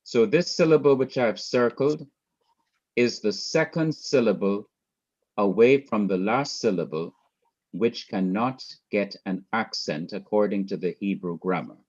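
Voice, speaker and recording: A man's voice: lowish voice, a little slow, a little mellow. A man with a Jamaican accent teaching Hebrew grammar in a recorded lecture over slides, methodically repeating terms and counting syllables aloud. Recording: dull lo-fi recording.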